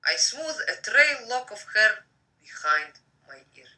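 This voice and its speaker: Woman, russian accent, slow unhurried reading, crisp bright tone, voice a bit distant from the phone mic. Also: on the low side, sing-song. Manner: slow, breathy-soft reading, flirty asides to viewers. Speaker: live-stream host reading a book aloud. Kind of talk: bedtime story reading with chatty asides.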